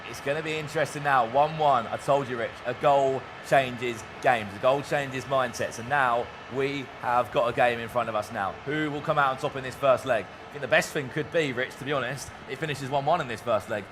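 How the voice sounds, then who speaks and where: A man co-commentating on a football video game final, animated and chatty. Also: mid-range voice, a little fast, few pauses, noisy background. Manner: animated, bursts into shouting on goals. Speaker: esports co-commentator.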